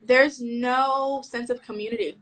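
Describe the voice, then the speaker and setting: A woman's voice: on the high side, fairly even intonation, unhurried, fairly bright tone, rough recording. A woman stylist chatting casually in an interview over a video call, slangy and full of restarts. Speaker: fashion stylist.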